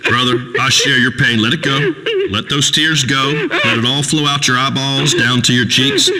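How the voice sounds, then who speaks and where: A man's voice: mid-range voice, steady tone, normal speed, pushed and bright, long reverb tail. An actor playing a crude, preachy rural male talk radio host who rambles and pontificates in a folksy way. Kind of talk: radio call-in show acting.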